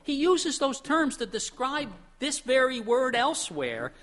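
Bright high-voiced male pastor preaching. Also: sing-song, measured pace. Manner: storytelling, conversational, with chuckles. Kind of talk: sermon.

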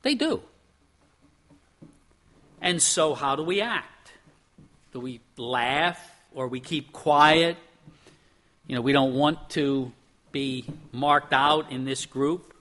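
A pastor from Pennsylvania preaches in a high, ringing man's voice with a bright, forceful edge. He keeps it conversational, asks his listeners rhetorical questions and acts out little quoted exchanges. He often repeats a word as he restarts a thought. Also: slow pace, pauses often. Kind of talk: sermon.

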